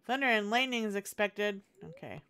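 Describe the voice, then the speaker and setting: Smooth-voiced woman streaming a game. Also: medium pitch, animated, normal speed, pushed and bright. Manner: chatty, encouraging, self-talk. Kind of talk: casual live-stream chat over gameplay.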